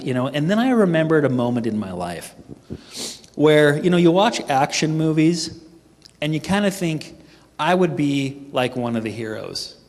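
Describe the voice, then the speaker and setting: A middle-aged man telling a funny personal story at a team training, animated and self-mocking. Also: fairly high pitch. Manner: animated, humorous, acts out his own panicked voice. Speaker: speaker at a sales team training. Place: event hall. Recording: echoey hall reverb.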